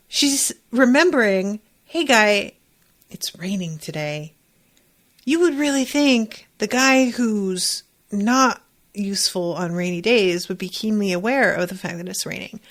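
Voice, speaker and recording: A woman podcast host recapping an anime episode in casual chat, acting out lines and swearing freely. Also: a little high. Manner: animated retelling with acted-out quotes, swearing.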